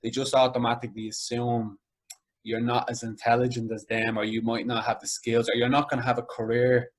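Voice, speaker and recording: Young dublin inner-city guy chatting in an interview, mid-pitched voice, lots of "like" and "you know". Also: level tone, a little fast. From Ireland. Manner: conversational, with many fillers like "like" and "you know". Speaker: interview guest. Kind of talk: casual interview talk.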